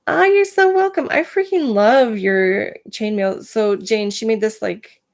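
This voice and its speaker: A woman's voice: on the high side, measured pace. A woman hosting a casual live stream, chatting to viewers by name, full of filler words, and in pain today.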